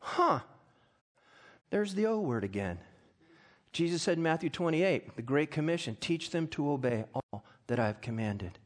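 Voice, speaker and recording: A middle-aged man preaching from the pulpit in a high, ringing voice. He reads scripture and tells stories, and his voice climbs into loud, fervent peaks. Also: sing-song, normal speed. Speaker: pastor. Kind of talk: sermon.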